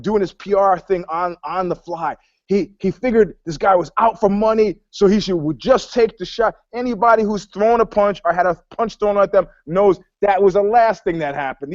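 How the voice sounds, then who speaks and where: A man with a fairly high voice rambles through profane stories in a casual podcast chat, acting out quotes as he goes. He talks over a video call, and the sound is dull and dry. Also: normal speed, hardly any pauses, dry recording. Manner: profane, rambling storyteller who acts out quotes. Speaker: panelist.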